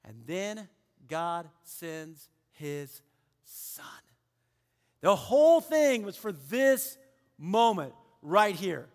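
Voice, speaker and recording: A man preaching a sermon with animated delivery, acting out quoted people and dropping to hushed tones. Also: sits high, very slow. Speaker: pastor. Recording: long hall reverb.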